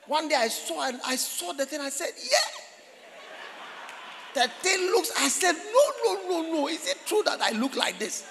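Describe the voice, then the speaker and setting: A man's voice: very high-pitched, very animated, normal speed, long pauses, big-room sound, background noise. A man preaching a sermon in a church, talking in a conversational way, repeating phrases and asking the congregation questions. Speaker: pastor.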